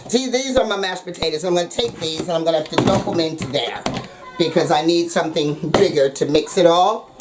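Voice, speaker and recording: A woman hosting a casual cooking vlog in her kitchen, talking in a playful, jokey, slangy way. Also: fairly low pitch. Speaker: cooking show host. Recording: noisy background.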